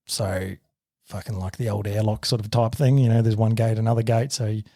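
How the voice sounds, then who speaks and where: Australian male podcaster, 30s, animated sweary storyteller, dry mic. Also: on the low side, a little fast, no echo. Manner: sweary, animated retelling with shouted quotes. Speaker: podcast co-host. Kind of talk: casual storytelling.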